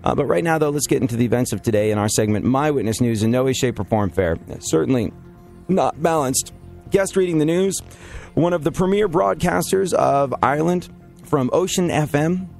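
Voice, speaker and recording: A man's voice: on the high side, lively intonation, fairly quick, vocal fry, a little mellow, soft background music. A man from New York with a New York accent, hosting a comedic chat show and rambling jokily with lots of fillers. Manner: rambling and jokey, many fillers and restarts. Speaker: show host.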